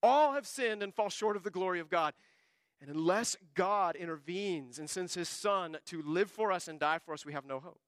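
A man preaching a sermon, swinging between hushed lines and emphatic bursts. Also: high voice, no echo. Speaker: pastor.

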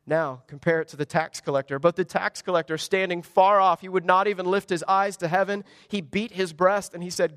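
A man's voice: sits high, fairly quick, hardly any pauses, a bit bright. A man preaching a sermon, emphatic, asking rhetorical questions and acting out the quotes he reads. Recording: dry close mic with long hall reverb.

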